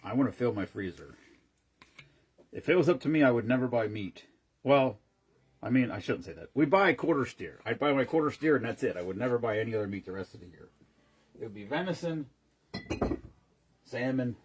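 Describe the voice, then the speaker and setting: Husky-voiced man chatting on a live stream. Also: medium pitch, lively intonation, brisk, pauses often. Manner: rambling, greets viewers while mixing drinks. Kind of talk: casual live-stream chat.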